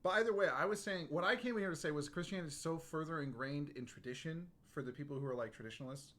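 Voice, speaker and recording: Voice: mid-range voice, a bit bright. A stream co-host with a mid-range voice, chatting casually. The talk rambles and halts, with frequent restarts. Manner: rambling, halting, full of restarts.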